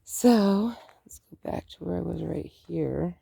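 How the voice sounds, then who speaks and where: A woman's voice: on the low side, expressive, slow pace, creaky, warm tone, breathy edge, dry recording. A middle-aged woman chatting casually in her garden as she films, rambling with lots of "like". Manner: rambling, says "like" often. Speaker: gardening vlogger. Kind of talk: casual vlog chat. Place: outdoor garden.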